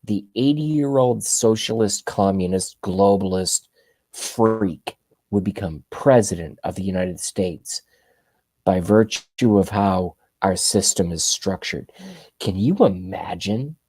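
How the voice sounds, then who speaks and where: Brief: livestream host, man in his 30s, low pitch, dry close sound, sarcastic and rambling. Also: slow, warm tone, no echo. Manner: sarcastic, rambling, talks to the chat. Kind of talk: ranting opinion commentary.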